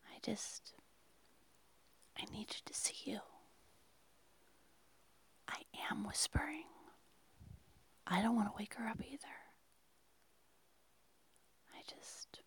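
Breathy whispering woman, whispered role-play. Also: on the high side, slow pace, long pauses. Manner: hushed, coaxing, intimate. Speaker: audio role-play performer.

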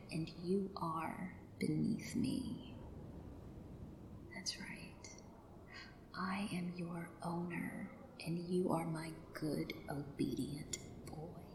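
A woman speaks in a whispered role-play, slipping between a hushed, commanding soft voice and breathy whispers. Her delivery is very slow and unhurried, set fairly low. The recording carries a noticeable roomy echo with a faint hiss behind it.

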